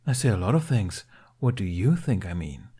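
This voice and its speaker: A man's voice: lowish voice, very animated, normal speed, warm tone, breathy edge. A man voicing a mischievous, teasing young trickster who smirks and quips. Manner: playful, smirking.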